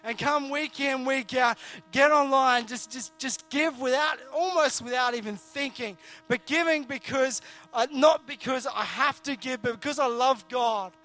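Male preacher, high tenor, casual sermon, self-deprecating, stop-start phrasing. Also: measured pace, sharp tone. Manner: earnest, jokey, frequent restarts. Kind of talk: conversational sermon.

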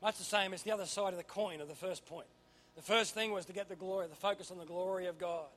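A man preaching a sermon, swinging from quiet asides to loud emphatic bursts. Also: sits high, steady tone, fast. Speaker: pastor.

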